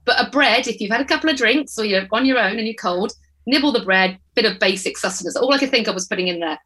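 Chatty woman telling a lively family story. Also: a little high, fast talker, rough recording. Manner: animated storytelling, acting out family dialogue. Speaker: podcast panelist. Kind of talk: casual chat.

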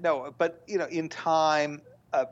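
A man speaking as a guest in a podcast discussion, measured and thoughtful, with frequent "you know" fillers. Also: on the high side, steady tone, lo-fi sound. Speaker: guest foreign-policy analyst.

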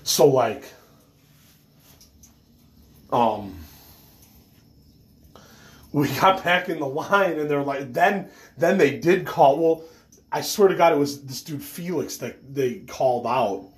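A man's voice: fairly high pitch, expressive, takes it slowly, long pauses, slight background noise. A man telling a rambling story about collecting autographs, full of fillers and swearing, who says he is stoned.

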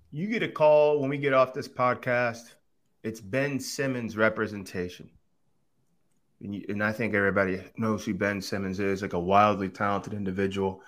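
A man talking as a podcast guest and coach, telling stories in an animated way and acting out the people he quotes. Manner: animated storyteller who acts out quoted voices with big pitch jumps. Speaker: podcast guest, quarterback coach and former TV analyst. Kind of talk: casual podcast conversation.

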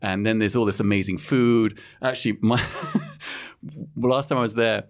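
A man's voice: fairly low pitch, fairly even intonation, moderate pace. A man hosting a podcast in casual chat, rambling and laughing often. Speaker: podcast host.

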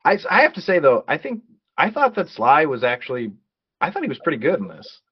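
A man's voice: fairly high pitch, wildly swooping pitch, fairly quick, husky. Man, podcast co-host, easygoing, hesitant, laughs a lot, lo-fi sound. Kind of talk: casual movie review chat.

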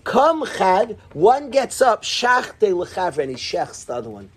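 A man teaching a Talmud class, telling the stories in an animated way and mixing in Hebrew and Aramaic terms. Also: high voice, slow, slightly rough.

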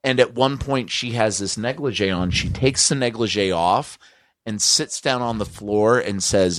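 A man's voice: on the low side, normal speed, no room sound. A man co-hosting a podcast, telling stories in loose, rambling banter. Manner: rambling, animated storytelling. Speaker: podcast co-host.

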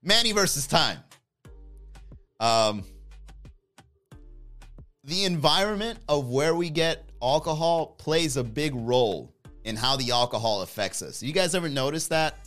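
A man's voice: a little high, expressive, measured pace, long pauses, fairly bright tone, faint music behind. A man hosting a livestream in casual chat, joking and rambling and laughing often. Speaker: livestream host.

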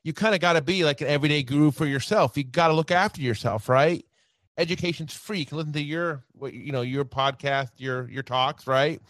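A man with a somewhat higher voice talks as a guest on a podcast. He is animated and laughs easily, and he fills his speech with casual tags. The sound is close and dry, with no room echo. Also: brisk. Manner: animated, laughs often, uses many fillers like "right" and "you know". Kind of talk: casual chat.

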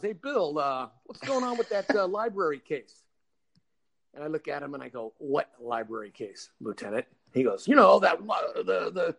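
A man's voice: on the high side, vocal fry. Wry older man spinning a story. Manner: blunt, wry, acts out dialogue with lots of "I go" and "he goes". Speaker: retired police detective telling a story. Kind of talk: casual anecdote storytelling.

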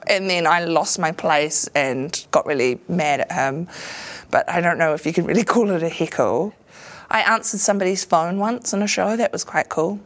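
Lively New Zealand woman telling stories. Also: lowish voice, moderate pace. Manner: lively storyteller who acts out voices and laughs often. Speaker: comedian and actor. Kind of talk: casual anecdotes in an interview.

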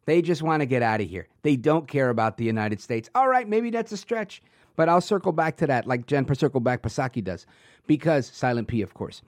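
A man's voice: medium pitch, animated, brisk, no echo, studio quality. A man hosting a political commentary show, talking in a sarcastic, punchy monologue full of rhetorical questions. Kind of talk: opinionated monologue.

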